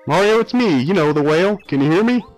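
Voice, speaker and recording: A man voicing a whale with a bellyache, in a whiny pleading tone higher than his own voice. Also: expressive, quick pace, soft background music.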